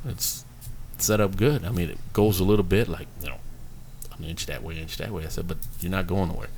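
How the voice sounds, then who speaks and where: Gravelly man telling job-site stories. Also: deep voice, fairly quick, a little mellow, slight background noise. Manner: laughs while telling stories, acts out voices. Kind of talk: casual chat, storytelling.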